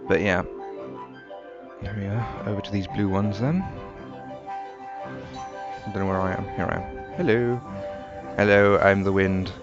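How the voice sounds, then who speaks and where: A man giving relaxed, wry, rambling commentary while playing a video game. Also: on the low side. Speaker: gameplay commentator. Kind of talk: casual gameplay commentary. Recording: dull lo-fi sound with game music behind. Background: game music.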